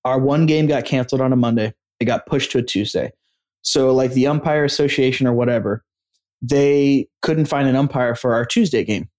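Man co-hosting a podcast, lively storyteller who acts out quotes, casual and profane. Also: mid-range voice, normal speed. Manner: animated storyteller, acts out quotes, swears freely. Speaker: podcast co-host. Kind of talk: casual sports podcast chat.

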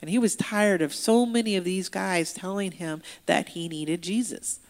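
A woman voices a deaf pastor's sermon in real time, her tone a touch of vocal fry. She tells the story with energy, slipping into voiced quotes. The sound rings with the long reverb of a church sanctuary. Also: lowish voice, measured pace. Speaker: sign language interpreter voicing a deaf pastor.

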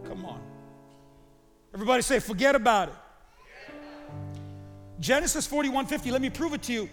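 High-voiced preaching man in an echoing hall. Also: fairly quick, pauses often. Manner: animated preaching, calls the crowd to repeat lines. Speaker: pastor. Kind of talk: sermon. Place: church sanctuary. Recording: reverberant hall with faint music.

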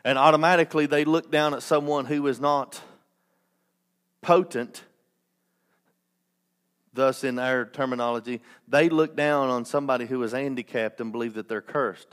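A male pastor preaching at a midweek church service. He speaks with impassioned conviction, stumbling over his words and restarting, then tossing in joking asides before driving his point home. His voice sits at an ordinary middle pitch for a man. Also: fairly even intonation, normal speed, long pauses, a bit bright. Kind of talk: sermon.

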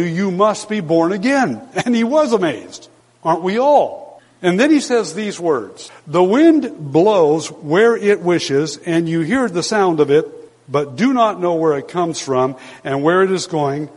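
An older man preaching a sermon as pastor, emphatic, slowing down to stress the scripture he quotes. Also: on the high side. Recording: long hall reverb.

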